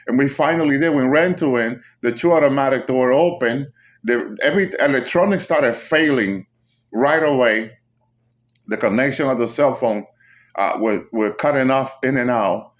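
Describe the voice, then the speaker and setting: Halting, urgent man telling a story. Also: medium pitch. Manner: halting, repeats words, urgent. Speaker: storyteller recounting a vision. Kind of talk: spoken personal testimony.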